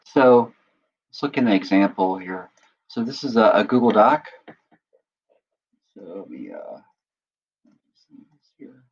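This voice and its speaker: A man acting as instructor, patiently walking through a software tutorial and often checking in with listeners. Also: on the low side, sing-song, a little slow, pauses often, breathy edge, dull audio. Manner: patient step-by-step explaining, often checks in with "right?". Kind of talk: screen-recorded software tutorial.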